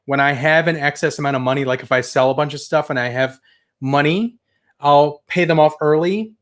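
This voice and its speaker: A man's voice: a little high, a little fast, fairly bright tone. A young adult man casually chatting on a toy collecting livestream, rambling and enthusiastic as he reads viewer comments. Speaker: toy collector channel host.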